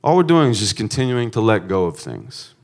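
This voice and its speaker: A male stand-up comedian with a lively, bouncing delivery. He drops into hushed, thoughtful asides, then swells into loud, profane punchlines. His delivery stays loose, chatty and built around stories. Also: lowish voice, brisk. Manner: shifts between hushed reflective musing and loud punchlines; profane, conversational storytelling.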